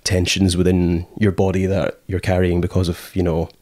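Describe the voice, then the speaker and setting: Deep-voiced Scottish man, chatty. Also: monotone, normal speed, darkish tone, no echo, clean studio sound. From Scotland. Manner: rambling, lots of fillers, acts out quotes. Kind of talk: casual chat.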